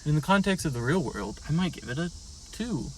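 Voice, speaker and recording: A man's voice: on the high side, very animated, a little fast. A young man co-hosting a casual podcast, rating songs with dry, jokey remarks. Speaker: podcast co-host. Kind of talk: casual chat reviewing album songs. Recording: distant mic with faint background noise.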